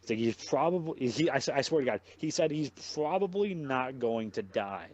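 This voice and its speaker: A man's voice: medium pitch, moderate pace, dry recording. Swearing young man telling a rambling story. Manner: swears a lot, rambling and animated. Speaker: podcast host. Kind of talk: casual storytelling chat.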